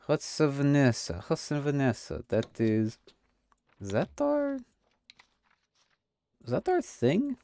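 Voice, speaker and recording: A man playing a video game and riffing in a mock broken-English voice as a border inspector. His pitch jumps around a lot while he keeps a slow, unhurried pace. The sound is close and dry, with no room echo. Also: sing-song, gravelly, warm tone. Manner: swears and laughs casually. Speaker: let's play gamer.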